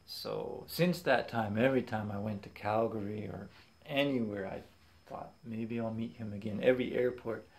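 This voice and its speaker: A young man casually telling funny stories from his childhood, animated and quick to laugh. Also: fairly low pitch, creaky. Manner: animated, acts out voices in quotes, laughs often. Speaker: vlogger. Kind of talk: casual storytelling.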